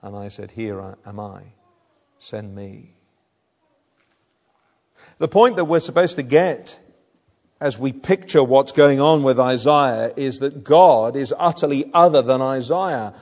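A man's voice: medium pitch, animated, a little slow, darkish tone. A man preaching a sermon, explaining a passage in an earnest way, often restarting his sentences. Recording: long reverb of a hall.

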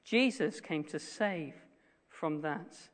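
A man preaching a sermon, earnest, slowing down and dropping his voice to stress key phrases. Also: on the high side. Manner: earnest, slows and drops to a hush on key phrases. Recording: long reverb of a hall.

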